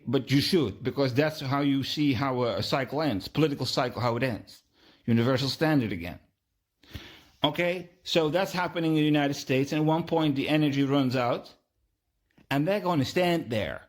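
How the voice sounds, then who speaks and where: A man hosting a podcast, a delivering an emphatic, preachy religious monologue with lots of repetition. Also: medium pitch. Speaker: podcast host.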